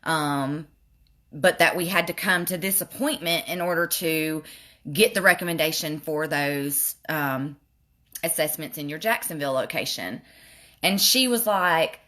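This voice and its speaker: A young woman doing a makeup tutorial at home, telling a frustrated, animated story with swearing. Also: low-pitched, unhurried. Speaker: beauty vlogger.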